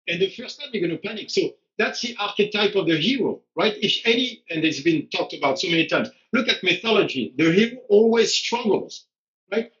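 A man's voice: sits high, expressive, fairly quick, fairly bright tone. A man, a strength coach, talking bluntly and animatedly on a live stream, acting out quotes as he goes. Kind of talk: casual conversation on a live stream. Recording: dull lo-fi live stream audio.

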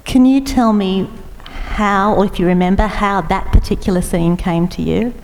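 A woman's voice: medium pitch, normal speed, darkish tone, a little hiss or hum. A woman interviewer who talks reflectively and shares a personal story before asking a question. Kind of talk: conversational interview. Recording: reverberant room.

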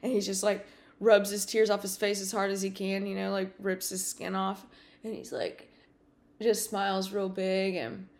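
At a moderate pace and medium pitch, a woman on her podcast narrates a story from her life. Her telling is informal and energetic, with plenty of fillers and dramatized dialogue.

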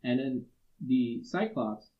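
A man's voice: mid-range voice, lively intonation, slow pace, dull audio. A man co-hosting a workplace podcast, retelling a story from a book in a loose, rambling way with many fillers. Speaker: podcast co-host. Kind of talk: casual podcast discussion, storytelling.

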